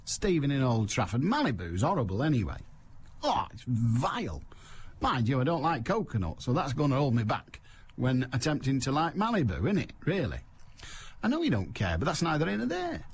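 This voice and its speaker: A man's voice: medium pitch, wildly swooping pitch, fairly quick, slightly rough. A man hosting a radio phone-in, blunt and wry, pushing callers along. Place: radio studio.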